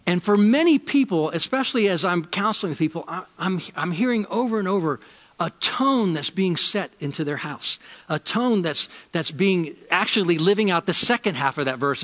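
A man preaching a sermon as a pastor, telling a personal story and repeating key lines slowly for emphasis. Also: sits high, long reverb tail. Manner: storytelling, shifts from loud emphasis to slow, quiet lines.

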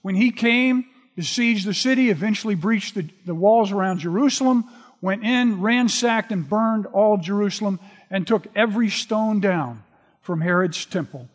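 A man preaching a sermon, retelling scripture in a relaxed, conversational storytelling way. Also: high-pitched, normal speed. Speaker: pastor. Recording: long reverb of a large hall.

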